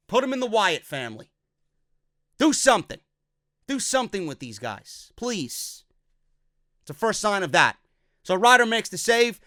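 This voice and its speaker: A man's voice: sits high, sharp tone, no room sound, clean studio sound. A man ranting bluntly in a profane wrestling review vlog, exasperated and swearing often.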